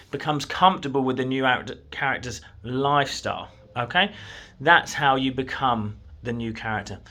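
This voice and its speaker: This man's voice is medium in pitch with a sharp tone. He's a manifestation coach at the desk in his own room, speaking straight to the viewer with earnest encouragement in a motivational talk.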